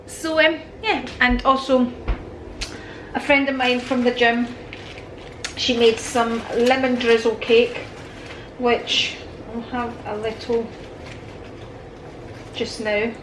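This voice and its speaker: Woman, fifties, high voice, rambling homely vlog chat. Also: fairly even intonation, takes it slowly, pauses often, background noise. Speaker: lifestyle vlogger. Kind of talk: casual chat to camera. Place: at home.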